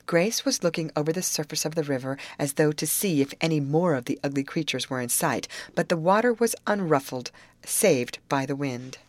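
A woman reading a novel aloud as an audiobook narrator, expressive and giving each character a voice. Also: low-pitched, normal speed, no room sound.

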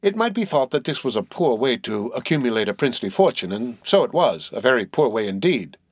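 A man narrating a classic novel aloud in a measured, wry storytelling manner. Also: mid-range voice, sing-song, slightly rough, dry recording, clean studio sound. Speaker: audiobook narrator. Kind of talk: literary audiobook narration.

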